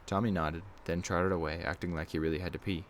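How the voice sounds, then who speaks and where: Deep-voiced man narrating horror. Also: steady tone, fast, a little hiss or hum.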